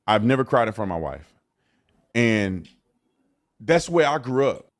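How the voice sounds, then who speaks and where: A man's voice: medium pitch, sing-song, measured pace. A man commenting on clips, explaining his point insistently and repeating himself. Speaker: commentator answering critics.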